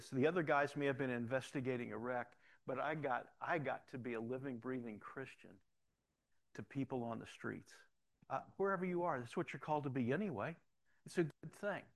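A man who is both a pastor and a police officer, telling his stories in an animated way, acting out the dialogue and often repeating words as he starts a sentence. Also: mid-range voice. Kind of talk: storytelling testimony.

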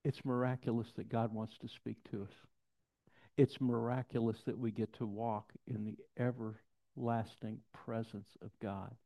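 A pastor preaching a sermon, telling stories with lively quoted voices and dropping to soft, intense passages. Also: male voice, mid-range voice, unhurried, gravelly. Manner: storytelling, animated quotes, drops to soft intensity. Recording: dull lo-fi sound.

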